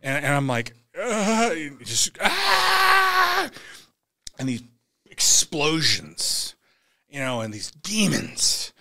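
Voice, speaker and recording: A man's voice: medium pitch, expressive, normal speed, vocal fry, few pauses, background noise. A man, a podcast guest, telling a vivid, profane story and acting out the voices in it. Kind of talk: animated storytelling.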